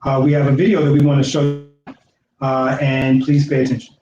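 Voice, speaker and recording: A man's voice: mid-range voice, completely flat delivery, brisk, dark tone, reverberant, lo-fi sound, slight background noise. A man hosting a show, introducing a guest conversationally with fillers. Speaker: host.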